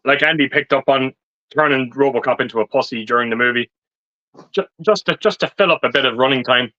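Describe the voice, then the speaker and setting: A man's voice: medium pitch, a little fast, sharp tone, dry recording. A man on a live stream film chat, grumbling sarcastically and swearing about a movie that disappointed him. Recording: dry, muffled stream audio.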